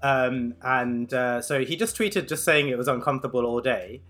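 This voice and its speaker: A young man telling an anecdote in casual chat, animated and full of fillers. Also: medium pitch, normal speed, faint music behind. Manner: animated storyteller, many fillers.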